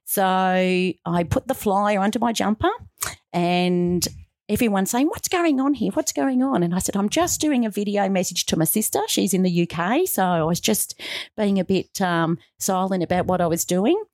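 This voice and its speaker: A middle-aged woman with a medium-pitched voice talks at a normal speed as a guest on a radio show, the studio sound clean and free of echo. She chats casually in an interview, telling her story with animation and acting out the voices in it.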